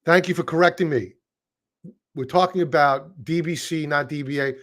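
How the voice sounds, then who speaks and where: A man's voice: fairly high pitch, moderate pace. A man with a Brooklyn accent giving casual, chatty stock market commentary, joking at his own expense. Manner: chatty, self-deprecating, wordy restarts. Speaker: market analyst.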